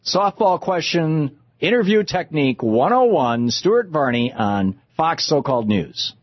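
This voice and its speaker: Male political talk host, sarcastic and indignant, husky and animated. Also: fairly high pitch, unhurried, no echo, highs cut off. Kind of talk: political commentary rant.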